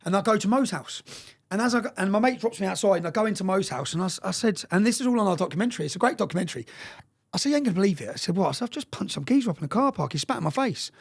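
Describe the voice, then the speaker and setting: Fast-talking blunt man. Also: high-pitched, lively intonation, vocal fry, husky. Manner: rapid, blunt, swearing, tags "yeah?". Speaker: interviewee. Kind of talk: casual storytelling.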